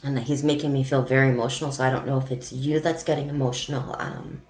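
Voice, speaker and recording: A woman psychic medium giving a live-streamed reading in a soft, halting delivery with frequent pauses and ums. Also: extremely low pitch, steady tone, low-quality recording.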